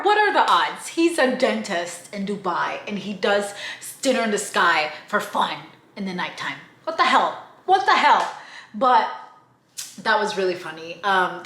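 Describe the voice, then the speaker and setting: A young woman vlogging casually about her trip, chatty and animated, swearing offhand and acting out the people she met. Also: medium pitch. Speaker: travel vlogger. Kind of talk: casual travel vlog. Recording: echoey room.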